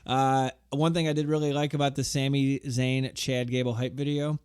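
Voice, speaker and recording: A man's voice: medium pitch, flat delivery, normal speed, darkish tone, smooth, dry recording. A man co-hosting a podcast, chatting casually in an easygoing, agreeable way with dry jokey asides. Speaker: podcast co-host. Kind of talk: casual podcast chat about wrestling.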